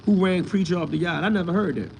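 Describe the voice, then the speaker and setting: A man runs a casual live talk on his own channel, firing back at the chat in blunt, profane bursts and mocking the people who comment. His voice sits a little high for a man. A faint hum of noise runs underneath him. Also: fast, creaky, darkish tone. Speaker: host answering live chat.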